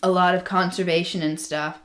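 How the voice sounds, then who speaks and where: A woman's voice: lowish voice, level tone, moderate pace, fairly bright tone. A woman co-hosting a casual podcast, telling a history story with many ums and restarts. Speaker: podcast co-host.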